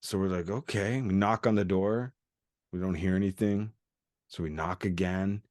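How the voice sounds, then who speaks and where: A man's voice: low voice, moderate pace, dry recording, clean studio sound. Swearing man telling a wild story. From Canada. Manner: animated storytelling, acts out quoted people, swears a lot. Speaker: podcast host. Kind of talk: casual chat, storytelling.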